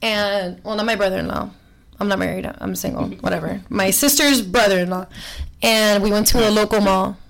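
A woman from Miami with a Miami accent, a podcast guest chatting casually, telling animated stories, acting out voices and slipping into Spanish. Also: mid-range voice, brisk, vocal fry, a little hiss or hum, poor audio. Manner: animated storytelling, acts out voices, switches into Spanish. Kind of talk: casual chat.

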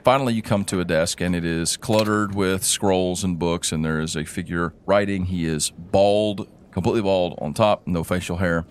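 A man's voice: low voice, fairly even intonation, normal speed, hardly any pauses, a little hiss or hum. A man narrating a tabletop game as game master, rambling with fillers.

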